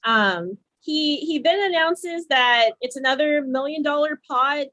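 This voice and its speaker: A woman's voice: high-pitched, measured pace, pushed and bright, no echo. A woman co-hosting a podcast, giving a casual play-by-play recap of a reality competition episode with frequent restarts. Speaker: podcast co-host.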